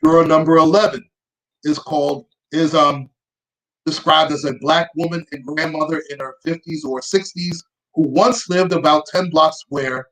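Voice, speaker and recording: A woman's voice: sits low, fairly even intonation, moderate pace, fairly bright tone, rough recording. A woman hosting her own show, reading out a news report and adding dry, sarcastic asides. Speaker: host. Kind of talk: reading news aloud with commentary.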